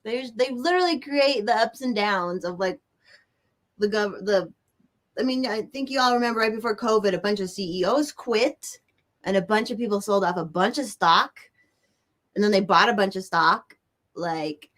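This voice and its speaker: Her voice mid-range and her speed normal, a woman hosts a relaxed livestream indoors by a bright window. She reads what viewers write and rants excitably, swearing heavily and laughing nervously.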